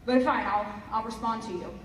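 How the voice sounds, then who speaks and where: A woman's voice: fairly high pitch, moderate pace, a little hiss or hum, close to an everyday voice. A woman voicing a tired, impatient man at a well during her sermon, curt and snippy, in an echoey hall. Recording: echoey hall, mic from a distance.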